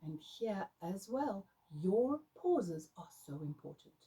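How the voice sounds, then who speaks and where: A woman's voice: mid-range voice, big pitch swings, slow pace, mellow, husky, poor audio. A woman adjudicator giving emphatic, demonstrative coaching tips to young performers. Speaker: drama adjudicator. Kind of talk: instructional talk to performers.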